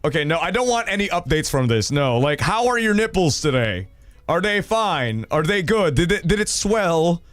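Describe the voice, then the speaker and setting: A young man hosting a stream, reading viewer stories aloud in a loud, excitable way, swearing and laughing. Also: on the high side, moderate pace, no room sound. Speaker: streamer host.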